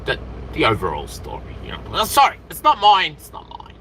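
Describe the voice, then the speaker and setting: An excitable Australian man rambles to camera outdoors, his voice swinging up and down as he jumps from topic to topic. Steady street noise and passing cars sit behind him. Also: fairly high pitch, a little fast, poor audio. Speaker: vlogger.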